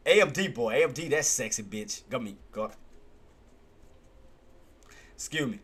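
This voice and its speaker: A man giving live trading commentary on his stream. He talks excitably, repeats himself often, and swears. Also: medium pitch, measured pace, pauses often, husky. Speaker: day-trading livestreamer.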